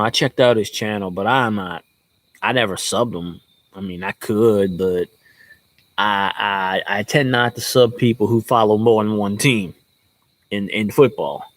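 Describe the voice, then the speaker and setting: A man's voice: fairly low pitch, unhurried, long pauses, no room sound. A man who vlogs as a sports fan, ranting in a casual, rambling way with a lot of swearing and jokes. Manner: profane, joking, rambling.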